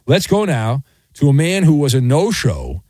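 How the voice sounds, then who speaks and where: A man hosting a sports radio call-in show, teasing callers in a playful, casual way with big swings in pitch. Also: wildly swooping pitch, moderate pace, a little mellow, no echo. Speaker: radio host.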